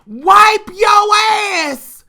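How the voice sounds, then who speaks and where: A woman's voice: very high voice, very slow, pitched above the performer's own voice, exaggerated voice. Woman hollering as a foul-mouthed furious auntie. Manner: shouting, cursing nonstop.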